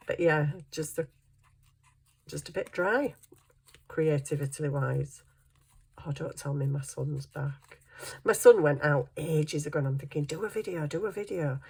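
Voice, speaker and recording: A middle-aged woman with a low, husky voice chats unhurriedly as she crafts. She thinks aloud and pokes fun at herself between tasks. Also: a little slow, darkish tone. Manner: chatty, thinks aloud while working, self-deprecating. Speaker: craft vlogger. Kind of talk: casual chat while crafting.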